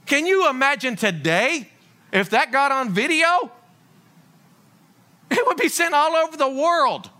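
Folksy pastor, high bright voice, animated sermon delivery. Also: male voice, measured pace, pauses often. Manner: animated, rhetorical questions, folksy humor.

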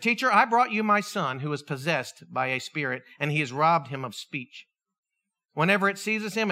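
Lively, bright-voiced man preaching a sermon. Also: a little high. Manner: animated storytelling, acts out voices. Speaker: pastor.

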